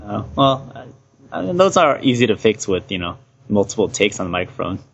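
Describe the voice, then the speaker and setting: A man's voice: on the low side, very animated, a little fast, vocal fry, a little hiss or hum. A man hosting a casual podcast interview, easygoing and laughing often between questions. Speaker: podcast host. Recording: dull lo-fi recording.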